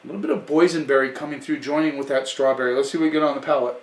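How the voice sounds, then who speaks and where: A man's voice: medium pitch, very fast, distant mic. A man giving a casual wine tasting review in a chatty way, often restarting and correcting himself. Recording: echoey room, away from the mic.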